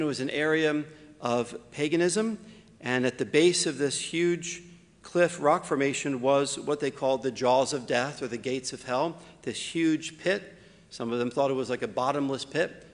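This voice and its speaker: Priest preaching in an echoing church. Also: male voice, mid-range voice. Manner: slows down for emphasis, wry asides. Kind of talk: homily.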